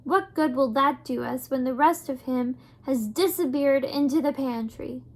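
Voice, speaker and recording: A woman voicing a loud, bossy, impatient castle cook who shouts orders in rough folksy speech. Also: high voice, unhurried. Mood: bossy shouting.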